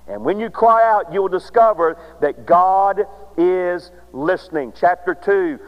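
A high-voiced male preacher delivers a sermon with sweeping dramatic pauses, rising to loud cries and dropping to near hushes. His voice rings through a large hall with a long reverb. The recording sounds dull and muffled. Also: animated.

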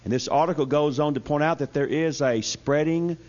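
A man delivers a humorous sermon in a light, slightly high voice. He tells stories to his congregation in a folksy, animated way. The recording sounds dull and lo-fi. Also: brisk. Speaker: preacher. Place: church service.

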